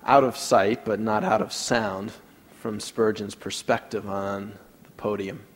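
A man preaching a sermon, leading a prayer and telling a story, swinging from loud to hushed. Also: fairly low pitch, husky. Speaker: pastor. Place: church sanctuary. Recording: long reverb of a large hall.

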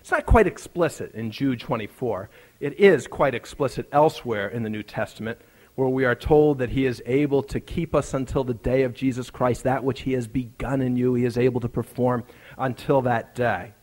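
A man's voice: mid-range voice, moderate pace, darkish tone. A male preacher telling a personal story in a conversational sermon, building up to emphatic, rising lines.

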